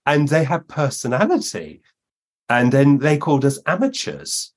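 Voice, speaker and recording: A man, a guest medium, telling lively anecdotes in a podcast interview and acting out the voices he quotes. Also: medium pitch, moderate pace.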